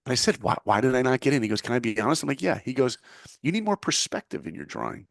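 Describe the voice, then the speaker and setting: A man's voice: medium pitch, sing-song, fast, creaky, no echo, clean studio sound. A middle-aged man from the United States, a guest telling a personal story vividly and acting out both sides of the conversations. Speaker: guest, former animator and speaker. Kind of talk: animated storytelling.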